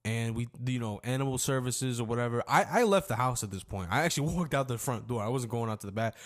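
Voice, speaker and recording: A young man casually telling a story from his own life as a vlogger, rambling and slangy, swearing freely and acting out shouts when he quotes people. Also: mid-range voice, expressive, quick pace. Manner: acts out shouts and screams when quoting.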